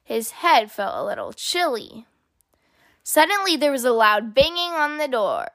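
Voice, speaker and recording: A woman with a high, bright voice reading a picture book aloud for kids. She tells the story in an expressive, animated way. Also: measured pace, no echo, clean studio sound. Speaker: children's story reader.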